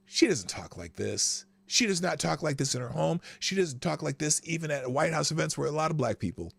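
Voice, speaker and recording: Sarcastic guy doing political talk, gravelly, voice swings up and down a lot, dry sound. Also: on the high side, expressive, fairly quick, hardly any pauses, no room sound. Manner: sarcastic, laughing asides. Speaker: host. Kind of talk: political commentary.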